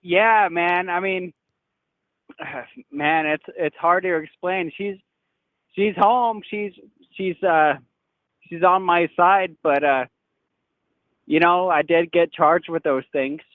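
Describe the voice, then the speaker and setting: A man's voice: sits high, slow, long pauses, dry recording. A man calling in to a podcast on the phone, rambling defensively and trailing off. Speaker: caller. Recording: tinny phone line.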